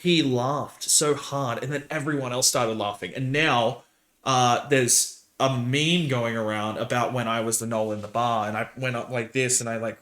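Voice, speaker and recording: A man, a podcast host and dungeon master, chatting casually and telling animated stories with laughter. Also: mid-range voice, moderate pace, roomy sound. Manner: rambling, animated storytelling with laughs.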